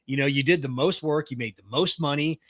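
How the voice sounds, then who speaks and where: A middle-aged man co-hosting a podcast, talking casually and gruffly with plenty of swearing, close to the mic. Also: fairly high pitch, fairly quick, no room sound. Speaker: podcast co-host. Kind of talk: casual chat.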